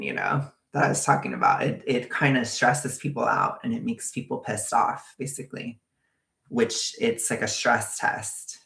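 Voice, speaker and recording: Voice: medium pitch, vocal fry, fairly bright tone, reverberant. A vlogger ranting in a casual, profane, exasperated way.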